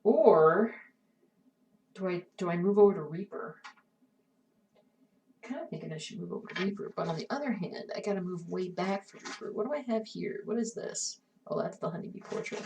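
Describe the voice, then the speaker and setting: Cross-stitching on a live stream, a woman chats casually with her viewers and often mutters to herself as she works. Her lowish voice has lively intonation, a moderate pace and a slightly mellow quality, and she is far from the mic.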